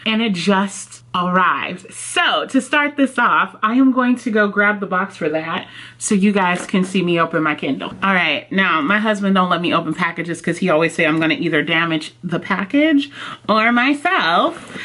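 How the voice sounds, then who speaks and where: A woman book vlogger chatting casually and excitedly at home. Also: mid-range voice. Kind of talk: casual vlog chat. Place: home office, indoors.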